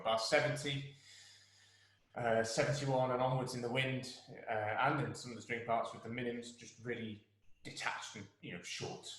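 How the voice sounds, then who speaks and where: A man's voice: on the low side, fairly bright tone. Man conductor in a very echoey room. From England. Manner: encouraging, sings phrases to demonstrate. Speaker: orchestra conductor. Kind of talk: rehearsal guidance to musicians.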